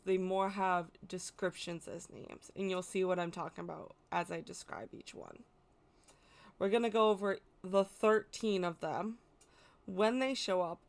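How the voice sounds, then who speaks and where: A woman hosting a folklore channel, explaining in a chatty, rambling way with fillers and self-corrections. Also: on the low side. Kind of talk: casual explainer talk.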